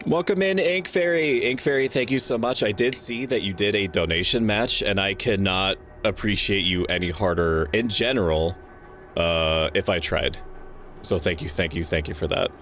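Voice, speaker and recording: A man's voice: lowish voice, moderate pace, fairly bright tone, soft background music. A young man hosting a charity stream, chatting loosely and jokingly with many fillers. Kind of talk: casual streaming chat.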